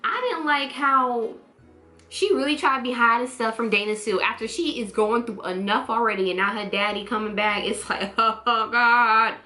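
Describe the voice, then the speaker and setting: A woman vlogger in casual chatty review mode, animated and putting on playful voices to act out quotes. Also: on the high side, normal speed, reverberant, faint music behind.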